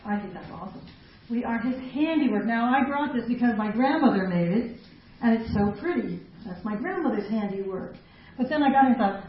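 A woman's voice: a little high, expressive, a little fast, hardly any pauses. Chatty middle-aged woman speaking in an echoey hall. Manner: chatty, self-mocking, laughs often. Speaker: women's ministry speaker. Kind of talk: live talk to a women's group. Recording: echoey hall, distant mic, dull lo-fi sound, faint noise.

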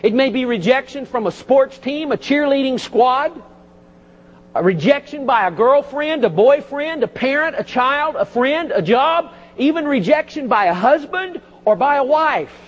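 A man preaching from the pulpit, his voice unusually high and husky. He rises and falls with lively emphasis and drops in folksy asides. The sound is dull, and a long church echo trails each phrase. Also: unhurried. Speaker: pastor. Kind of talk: sermon. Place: church sanctuary.

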